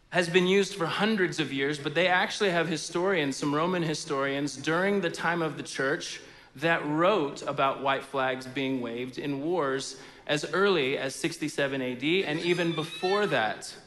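A man preaching a sermon as pastor in a church sanctuary, in a conversational, animated way with frequent fillers. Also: fairly high pitch, unhurried, long reverb tail.

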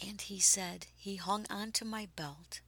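A woman telling a personal story slowly, breathy and dropping into whispers at times, then growing animated and excited. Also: mid-range voice.

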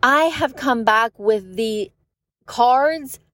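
A woman's voice: fairly high pitch, extremely slow, fairly bright tone, no echo. Chatty, emphatic woman with a dry sound. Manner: chatty and emphatic, laughs often, acts out quotes. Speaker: online business coach. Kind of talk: motivational talk to camera.

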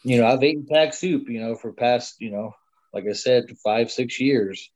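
A man's voice: medium pitch, normal speed, a little mellow. A middle-aged man telling a long personal story in casual conversation, rambling with many fillers. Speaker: guest storyteller. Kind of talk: casual spoken hunting story. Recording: slightly dull lo-fi sound.

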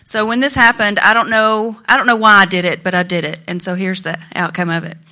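A woman's voice: medium pitch, level tone, fairly quick, pushed and bright. A middle-aged woman giving an earnest, heartfelt personal testimony to her church congregation. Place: church sanctuary.

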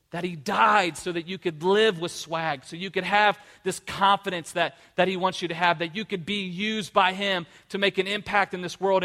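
Male pastor, emphatic motivational sermon, bright tone. Reverberant church hall with a soft band behind him. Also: high voice. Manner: emphatic, motivational, repeats words when restarting.

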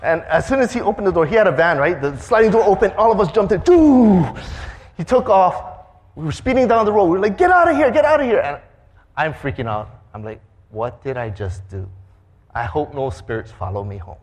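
Animated storytelling pastor. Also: male voice, fairly high pitch, fairly quick. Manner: animated, acts out sounds and voices. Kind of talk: storytelling sermon.

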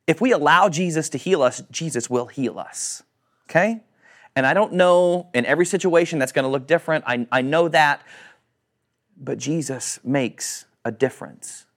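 Male pastor, fairly high-pitched voice, lively sermon delivery with acted-out quotes. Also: moderate pace. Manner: animated, acts out quoted voices, asks the congregation questions.

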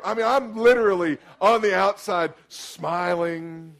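A middle-aged man, preaching a storytelling sermon that swings from hushed asides to sudden shouts. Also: sits high, a little slow. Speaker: pastor.

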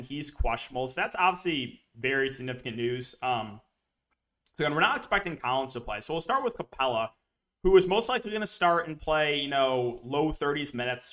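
Bright-voiced man breaking down fantasy picks. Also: a little high. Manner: rambling, animated storytelling with frequent fillers. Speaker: DFS analyst host. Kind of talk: casual sports betting podcast talk.

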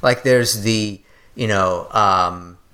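A woman's voice: rumbling low, drawn-out words, fairly bright tone. A woman co-hosting a podcast, bantering playfully and joking in casual chat. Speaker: podcast co-host.

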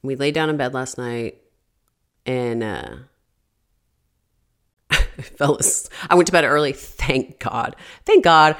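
A woman's voice: rumbling low, takes it slowly, long pauses, clean tone. A woman in her thirties hosting a podcast, telling a story casually, peppered with "like" fillers and swearing. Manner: chatty, constant "like" fillers, frequent swearing. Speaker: podcast host.

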